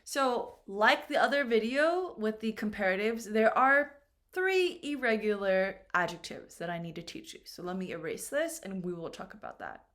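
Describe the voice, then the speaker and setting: A woman teaching English grammar, explaining slowly and patiently and asking learners questions as she goes. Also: mid-range voice, animated, fairly bright tone. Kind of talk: slow, clear classroom explanation. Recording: echoey room with faint noise.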